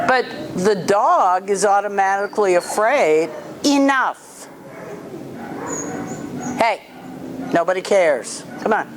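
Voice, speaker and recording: A woman's voice: mid-range voice, lively intonation, slow, long pauses, background noise. Blunt, firm woman dog trainer. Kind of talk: hands-on training session, coaching an owner.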